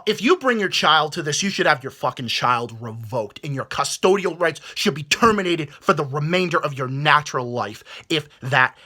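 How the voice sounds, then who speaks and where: A man's voice: fairly high pitch, bright, forceful tone. A man delivering a heated, profane rant to camera, stumbling over his words as he restarts sentences. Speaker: vlogger. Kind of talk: angry rant.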